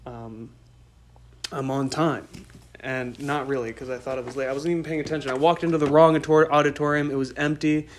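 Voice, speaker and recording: A man in his twenties hosting a podcast, telling a rambling story in an excitable way and laughing often. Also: medium pitch, a little fast, a little hiss or hum. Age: 20s. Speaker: podcast host. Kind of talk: casual storytelling monologue.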